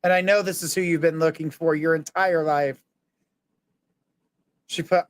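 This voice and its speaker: Male psychic medium, slightly high voice, smooth and clear, live reading. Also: steady tone, moderate pace, no echo. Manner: earnest, reassuring, relays messages in the first person.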